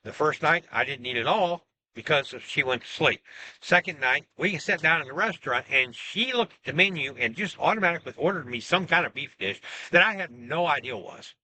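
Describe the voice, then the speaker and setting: A man tells a long personal story in a loose, rambling way, doubling back and restarting his sentences. His voice is bright and sharp, sitting a little high for a man. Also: a little fast, no echo. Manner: rambling, animated retelling with restarts. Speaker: self-styled religious teacher. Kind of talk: casual storytelling monologue.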